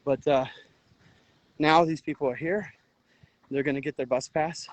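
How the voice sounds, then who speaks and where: A man's voice: on the high side, fairly even intonation, a little slow, no room sound, low-quality recording. An exhausted man livestreaming outdoors by a river, talking in an urgent, earnest, rambling way with restarts. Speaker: livestream host, veteran volunteer. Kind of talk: emotional outdoor livestream commentary. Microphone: phone livestream.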